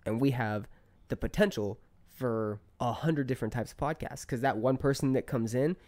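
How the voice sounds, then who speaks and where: Telling a story as a guest in a casual podcast chat, a thirties-aged man gets heated and swears, his pitch rising as he works himself up. He talks at normal speed with a darkish tone.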